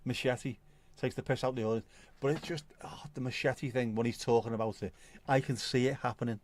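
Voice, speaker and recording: A middle-aged man runs a livestream, chatting casually over viewer comments and often laughing and swearing. His mid-range voice is darkish and steady, a little fast, with some hiss or hum present.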